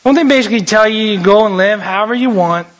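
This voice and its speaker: Young man, youth pastor, very high voice, jokey lively sermon, dull lo-fi sound. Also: fast. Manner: animated, jokey, shifts voices often. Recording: dull lo-fi recording.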